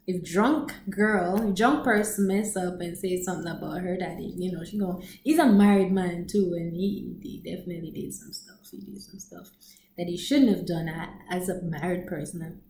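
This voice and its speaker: A woman telling a story in casual chat on her vlog, animated and laughing often, acting out quotes in a high voice. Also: moderate pace, reverberant, slight background noise, low-quality recording. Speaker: storyteller vlogger.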